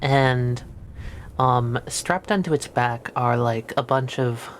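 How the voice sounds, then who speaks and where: A woman narrating as game master for a tabletop game, describing scenes in a relaxed way with many fillers. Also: rumbling low, slow pace, a little hiss or hum.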